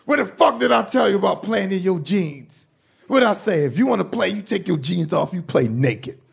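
A man voicing his angry, strict mother scolding her child with profane yelling. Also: mid-range voice, animated, moderate pace, creaky, background noise.

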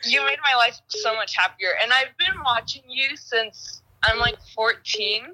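A woman's voice: fairly high pitch, a little slow, sharp tone, poor audio. A woman in her twenties from Chile, calling in to a podcast, nervous and trailing off with fillers. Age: 20s. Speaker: caller. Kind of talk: casual chat.

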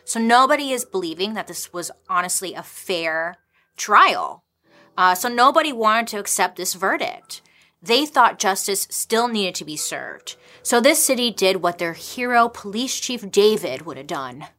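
A young woman casually telling a dark history story, chatty with sarcastic asides. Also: medium pitch, lively intonation, unhurried.

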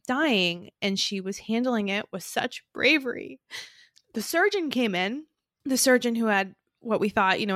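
A woman's voice: mid-range voice, a bit bright, no echo, studio quality. A woman co-hosting a podcast, telling a personal story in a casual, earnest, conversational way. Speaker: podcast co-host. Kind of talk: casual heartfelt podcast talk.

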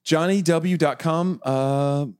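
A man's voice: on the high side, takes it slowly, a little mellow, smooth, no room sound, clean studio sound. A man, a comedian, chatting casually and joking as a podcast guest. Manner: jokey, playful storyteller.

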